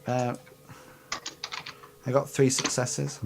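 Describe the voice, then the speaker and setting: Game master, tabletop narration, lots of ums and laughs, slow pace. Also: mid-range voice, level tone, creaky, a little hiss or hum. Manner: halting, filler-heavy narration with frequent laughs.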